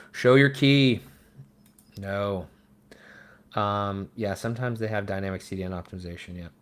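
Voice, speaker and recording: Young male streamer with a lowish voice, muttering and rambling nervously as he works. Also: steady tone, moderate pace, fairly bright tone. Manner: rambling, self-deprecating, flustered muttering. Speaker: web design streamer. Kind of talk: live-stream commentary while working.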